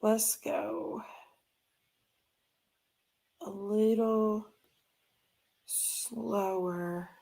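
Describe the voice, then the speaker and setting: A woman's voice: medium pitch, steady tone, drawn-out words, vocal fry, pauses often, dark tone, a little hiss or hum. A woman, hosting a casual true crime talk stream and chatting straight to her viewers, often trailing off and repeating herself. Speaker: true crime channel host. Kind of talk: casual livestream commentary.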